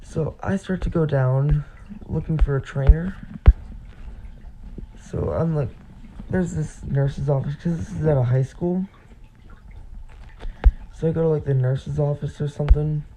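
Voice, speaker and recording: A man's voice: on the high side, a little slow, pauses often, noisy background. A young man casually telling a personal story on his vlog, rambling and full of fillers. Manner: rambling, filler-heavy retelling. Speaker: vlogger.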